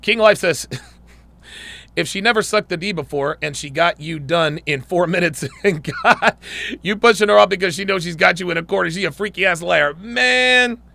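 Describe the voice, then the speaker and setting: A man's voice: high-pitched, moderate pace, creaky, sharp tone, no echo. A man hosting a live stream, reading viewer comments and answering with crude, joking banter. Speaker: livestream host reading chat. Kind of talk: casual livestream chat.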